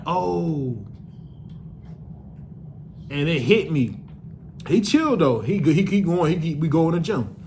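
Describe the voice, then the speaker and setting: Profane, animated young man telling a story. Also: fairly high pitch, a little hiss or hum. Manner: loose, profane, animated storytelling with many restarts. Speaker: vlogger telling a personal story. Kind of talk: casual storytime monologue.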